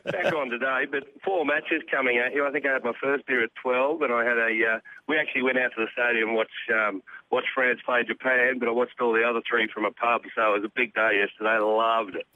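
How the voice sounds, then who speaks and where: A man's voice: mid-range voice, little pitch movement, brisk, no echo, phone-quality sound. A man with an Australian accent, a rugby commentator guesting on a podcast, chatting jovially and laughing as he talks. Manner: jovial, laughs while talking. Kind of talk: casual podcast banter.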